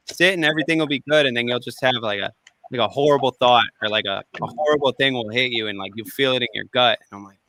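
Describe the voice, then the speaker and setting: A man chatting casually as a podcast guest, telling animated stories with swearing and quick impressions of his friends. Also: medium pitch, a little hiss or hum. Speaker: guest recording artist.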